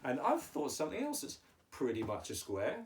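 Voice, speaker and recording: A children's educational host gives a playful lesson on shapes with puppets, speaking at medium pitch with huge pitch swings and a fairly quick pace. He is patient and teacherly with exaggerated emphasis, recorded on a distant mic with a little hiss or hum.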